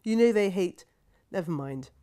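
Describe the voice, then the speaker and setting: A tired, gentle mother trying not to panic, as a woman reading a novel voices her. She speaks softly and placatingly, a touch low in pitch. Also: expressive, moderate pace, close to an everyday voice. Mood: anxious. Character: harried, gentle mother of a teen.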